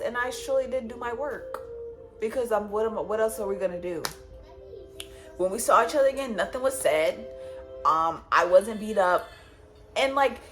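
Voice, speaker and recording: High-voiced woman telling a story. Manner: animated retelling with repetitions and quoted dialogue. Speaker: vlogger. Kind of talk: casual storytime.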